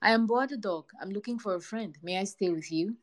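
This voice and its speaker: A woman's voice: medium pitch, fairly quick, pitched above the performer's own voice, lightly acted. A woman voicing a small, eager male dog looking for a friend, speaking politely and keenly.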